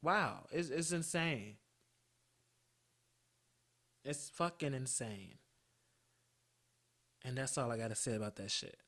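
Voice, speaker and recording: Bright-voiced, profane young man ranting. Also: mid-range voice, slow pace, pauses often. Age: 20s. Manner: profane, heated, swinging between shouting and muttering. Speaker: podcast host. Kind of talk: solo podcast rant.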